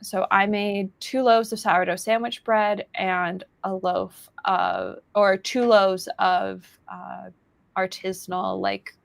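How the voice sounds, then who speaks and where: Woman host rambling on a chill podcast, bit of vocal fry, dry close sound. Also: medium pitch, animated, slow, dry recording. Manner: rambling, chatty with fillers and laughs. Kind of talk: casual chat.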